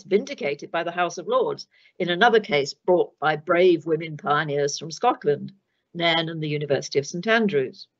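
An older woman, a retired judge giving a formal lecture in a measured, precise way with dry wit. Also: sits low, husky. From England. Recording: dull lo-fi recording.

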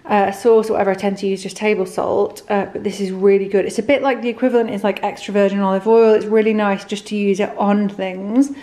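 A woman's voice: mid-range voice, little pitch movement, quick pace, few pauses, dark tone. A woman in her thirties chatting casually through a grocery haul, a little out of breath, rambling with fillers and restarts. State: slightly out of breath. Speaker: vlogger.

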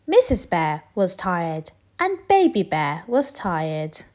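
A woman reading a children's picture book aloud, expressive and playful, with sound effects for the noises in the story. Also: on the low side.

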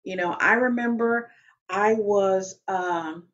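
Woman host, mid-pitched, steady and emphatic direct-to-camera explainer; slightly muffled lo-fi audio. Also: slight background noise. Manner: measured and emphatic, repeats key phrases, addresses the viewer directly. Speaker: channel host. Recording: slightly dull lo-fi sound.

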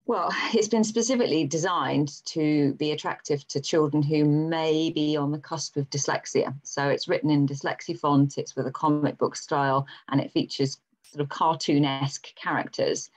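A British woman author being interviewed over a video call, expressive and laughing often. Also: sits low, normal speed. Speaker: author guest.

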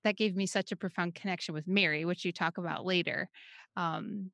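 A religious sister co-hosting a podcast, chatting with lots of fillers and frequent laughter. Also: female voice, lowish voice, fairly quick, dry recording. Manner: animated, laughs often, many fillers. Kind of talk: casual chat.

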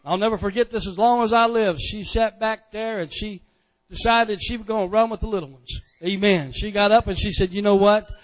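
Male pastor, high voice, folksy sermon with constant amens, dull recording in a reverberant church. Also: fairly quick. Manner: folksy preaching with frequent amens, swelling loud on key phrases. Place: church sanctuary.

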